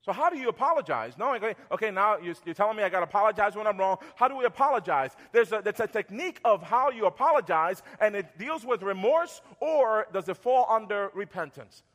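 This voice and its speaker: A man in his thirties or forties preaching a sermon as pastor, conversational, repeating words and going soft when acting out apologies. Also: high voice, expressive, a little fast, few pauses, long reverb tail.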